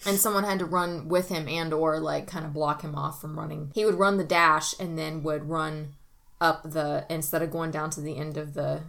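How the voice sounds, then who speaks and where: Woman, podcast host and mom, deep voice with fry, encouraging interviewer. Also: fairly even intonation, normal speed. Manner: gently prompting, asks leading questions. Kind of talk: casual family podcast chat.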